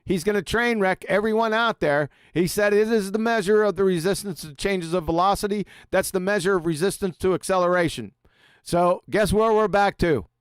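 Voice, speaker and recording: A man's voice: high-pitched, normal speed, smooth, dry recording, clean studio sound. A man hosting a live stream discussion, reading quotes aloud and mocking them with sarcastic asides. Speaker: host.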